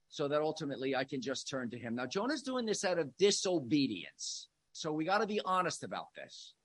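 A male preacher delivering a sermon with a slightly raised pitch. He drops into quiet, searching asides, then rises into loud, emphatic lines. The recording is dry and close, with no room sound. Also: dry recording. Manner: dynamic, swings between soft musing and loud emphatic lines.

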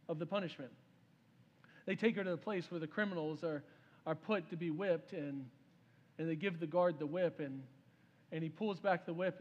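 High-voiced preacher in an echoing hall. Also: male voice, dull audio. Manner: storytelling preacher, voices the king's words, addresses the crowd as "y'all". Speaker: pastor. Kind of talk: sermon. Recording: long reverb of a large hall.

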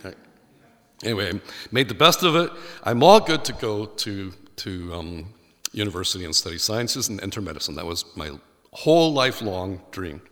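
Irish-accented male pastor, lively sermon storyteller, bright forceful tone, low voice. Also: moderate pace, in a large hall. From Ireland. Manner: animated storyteller acting out quoted voices.

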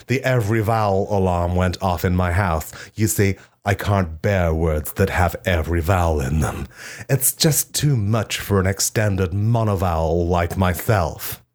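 Male comic, low voice; deadpan absurd monologue with shrill outbursts. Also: a little slow. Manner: deadpan storytelling with shrill shouted quotes. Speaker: comedian.

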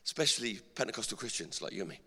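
A middle-aged male pastor delivering an energetic sermon in a church, asking the congregation rhetorical questions. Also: on the low side, very fast, husky. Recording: long hall reverb.

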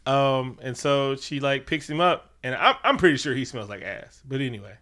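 A man co-hosting a casual chat, recapping a movie scene by scene in a profane, animated way and acting out the characters. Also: medium pitch, normal speed. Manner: animated, profane, acts out characters while retelling. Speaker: podcast co-host.

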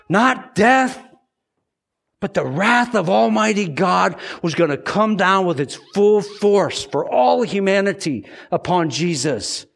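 A man with a fairly high voice preaching a sermon. He talks earnestly and often repeats words as he drives each point home. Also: vocal fry, a bit bright.

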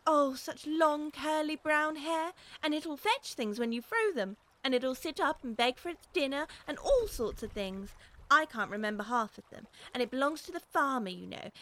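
A bright, high young girl who chatters eagerly and keeps apologizing. Her voice has a lively, clear edge and rushes from one thought to the next, as in a storybook reading. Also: rough recording.

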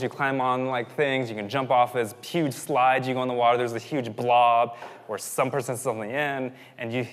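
Conversational pastor in a reverberant hall. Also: male voice, medium pitch, a bit bright. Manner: conversational, self-interrupting, rising to emphatic peaks. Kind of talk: sermon with personal story.

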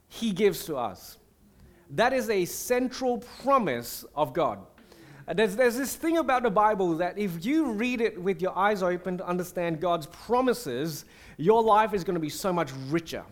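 High-pitched male preacher, animated, chatty sermon delivery. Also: a little slow. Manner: animated, acts out prayers and quotes with shifting voice; conversational with fillers and restarts.

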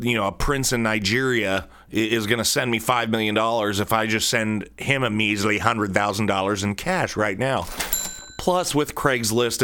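A man with a lowish, clean, fairly bright voice hosts his own podcast. He delivers a casual solo monologue, rambling and joking, into a stand-mounted studio mic in his home studio office.

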